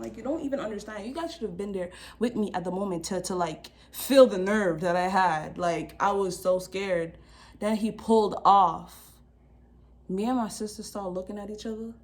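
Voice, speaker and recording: A young woman vlogger telling a story in a casual, slangy, animated way, acting out the people in it. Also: medium pitch.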